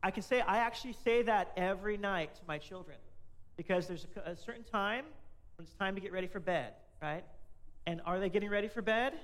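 High-voiced male pastor preaching. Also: a little fast, a bit bright. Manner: conversational, asks the congregation questions. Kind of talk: sermon.

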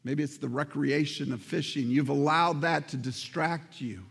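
Man, pastor, sermon, high-pitched voice, earnest, repeats for emphasis, long hall reverb. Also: fairly even intonation, normal speed, gravelly, fairly bright tone, slightly rough. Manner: earnest, repeats words for emphasis, speaks directly to listeners. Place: church sanctuary.

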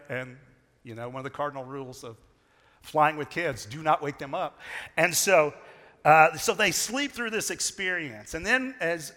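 A middle-aged man preaching a sermon, telling a story with big swings from loud to hushed. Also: on the high side. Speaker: pastor. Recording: long reverb of a large hall.

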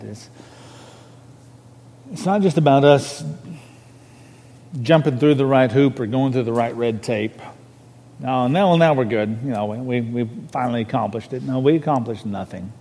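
A minister preaching a sermon from a podium, earnest and conversational, stressing key words. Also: male voice, mid-range voice, dark tone, in a large hall. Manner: earnest, conversational preaching with restarts and rising emphasis. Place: church sanctuary on a raised podium.

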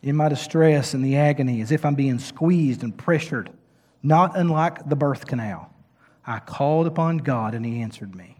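A man preaching a sermon as pastor, moving from quiet reflection to loud, emphatic peaks. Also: medium pitch, normal speed. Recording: long hall reverb.

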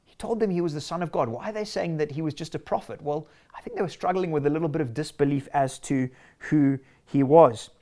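A man's voice: on the high side, brisk, warm tone. A man preaching a sermon in an earnest, emphatic way, stacking short declarations.

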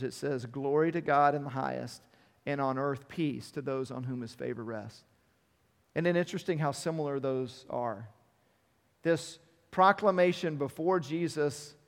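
A man's voice: a little high, long reverb tail. A man preaching a sermon, talking conversationally, repeating words as he restarts and building up emphasis on key points. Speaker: pastor.

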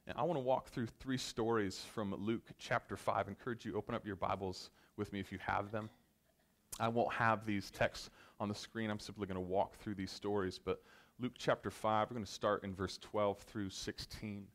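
A man preaching a sermon in an earnest manner, addressing the congregation directly, swelling to loud emphatic peaks and dropping to soft, slow lines. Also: lowish voice, steady tone. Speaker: pastor.

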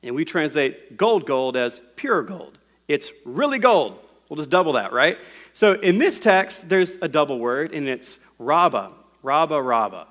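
Male preacher, slightly high voice, explanatory teaching sermon to a congregation. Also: very animated, a little slow, fairly bright tone. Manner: explains scripture word by word in a teaching tone. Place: room with a congregation.

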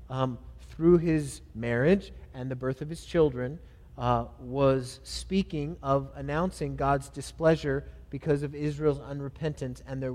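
In a church sanctuary with long hall reverb, a pastor with a medium-pitched voice preaches a sermon. He earnestly reads scripture aloud and leads prayer, building to louder emphatic phrases before dropping back soft.

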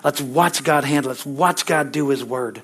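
A man's voice: medium pitch, moderate pace, fairly bright tone, breathy edge. A middle-aged male pastor preaching a sermon emphatically, calling out for amens from the congregation.

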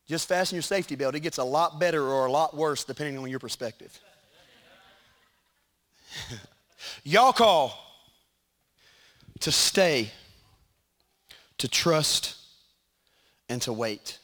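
A middle-aged man preaching a sermon in a church, animated, with shouted peaks and joking asides. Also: a little high, a little slow, long pauses. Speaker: pastor. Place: church sanctuary.

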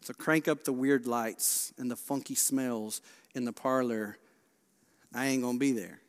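A Baptist pastor, preaching a sermon with passion, swinging from hushed to loud. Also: male voice, mid-range voice, fairly even intonation, measured pace. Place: large church sanctuary. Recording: long church reverb.

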